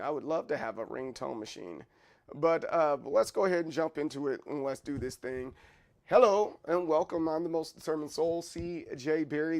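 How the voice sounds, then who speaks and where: A man's voice: a little high, no room sound, studio quality. A man hosting his own livestream, chatting casually in a rambling, playful and apologetic way. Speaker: livestream host.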